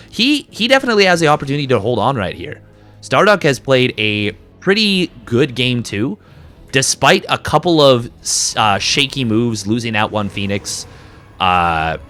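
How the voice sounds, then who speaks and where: A man doing live game commentary as a caster, excitable and breaking into quick bursts during fights. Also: medium pitch. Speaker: esports caster.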